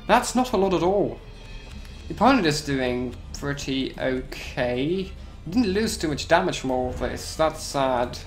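A man giving casual gameplay commentary, excitable, repeating himself and yelping at sudden moments. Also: a little high.

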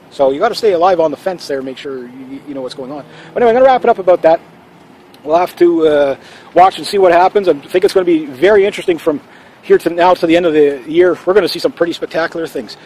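A man's voice: on the high side, a little mellow, a little hiss or hum, rough recording. A man hosting a casual opinion vlog, talking assertively in a rambling way. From Canada. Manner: assertive, rambling, with fillers and restarts. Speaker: channel host.

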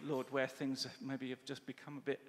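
Animated preacher in a reverberant church hall. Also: male voice, medium pitch, normal speed. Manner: animated storytelling with quoted dialogue. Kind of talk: sermon.

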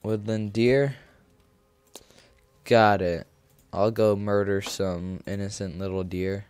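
A man's voice: fairly low pitch, steady tone, takes it slowly, a little mellow, clean tone, no echo. A young man streaming a game, rambling goofily, humming and singing to himself. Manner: rambling, goofy, hums and sings to himself. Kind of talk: casual gameplay commentary.

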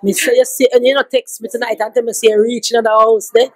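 A woman's voice: a little high, fairly even intonation, fast, dry recording, poor audio. A woman with a Jamaican accent, chatting casually to her vlog audience on a handheld phone as she walks through streets and a subway station, mixing in patois and laughing often. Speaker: family vlogger. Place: city streets and subway station, outdoors and indoors.

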